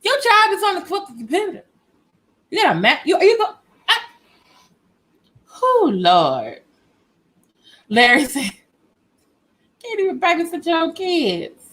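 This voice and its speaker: A woman giving sassy, animated reaction commentary aimed at the viewer. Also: extremely high pitch, unhurried, long pauses, low-quality recording. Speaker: commentary YouTuber.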